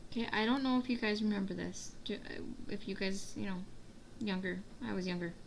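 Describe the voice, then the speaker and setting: A woman's voice: fairly quick, vocal fry, slight background noise. A woman vlogger chatting casually while she crafts, rambling and laughing often. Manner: acts out family quotes in a high voice. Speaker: diamond painting vlogger.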